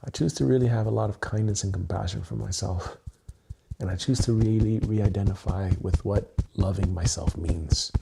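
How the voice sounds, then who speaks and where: On a livestream, a content creator speaks by himself into his webcam mic while doing EFT tapping. His voice is fairly low, gravelly and warm, at a moderate pace, with a little background noise. He is earnest and emotional, cursing freely and repeating himself as he works through his feelings.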